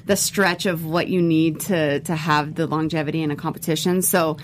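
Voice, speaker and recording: Low-voiced woman dance coach. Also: steady tone, normal speed, slight background noise. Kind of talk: casual interview.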